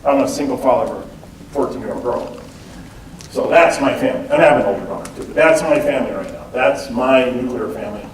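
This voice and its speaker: A man's voice: medium pitch, a little fast, slight background noise. A man giving a conversational public talk, often checking in with the audience with "okay?" and "right?". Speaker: lecturer. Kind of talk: public talk on cultural differences. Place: event hall. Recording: roomy sound from a distant mic.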